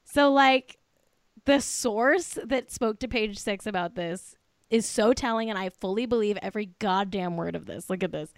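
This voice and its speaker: Here the same kind of host, a young woman on a celebrity gossip podcast, speaks at medium pitch and a normal, smooth pace in a clean, echo-free studio. Slightly tipsy, she laughs between lines, curses without restraint, and leans heavily on "like."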